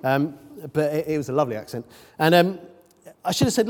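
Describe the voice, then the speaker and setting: A preacher delivers a casual, conversational sermon, full of ums and self-mocking asides. His voice sits fairly high for a man and swings widely in pitch. It rings out with the long reverb of a large hall. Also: animated, fairly quick.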